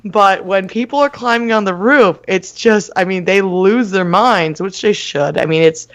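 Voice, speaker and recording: A woman co-hosting a casual podcast chat, telling a story in a lively way and acting out the people in it. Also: medium pitch, normal speed. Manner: animated storyteller, laughs and shouts quotes. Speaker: podcast co-host.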